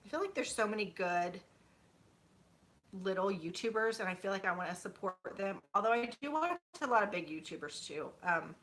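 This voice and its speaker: A woman's voice: mid-range voice, animated, brisk, a bit bright. A woman in her thirties chatting casually with viewers at home, rambling with many fillers. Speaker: YouTuber. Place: home, sitting on a bed.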